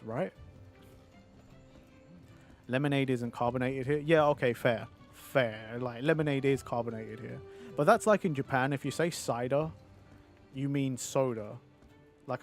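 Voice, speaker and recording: A man's voice: medium pitch, moderate pace, faint music behind. A male streamer chatting casually on a livestream, reading viewer messages aloud and answering them.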